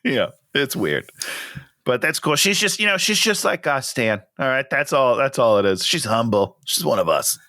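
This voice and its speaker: Wry, animated man with a bright voice. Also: medium pitch, no echo, studio quality. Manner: joking and wry, quick to laugh. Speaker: podcast co-host. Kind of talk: casual movie recap chat.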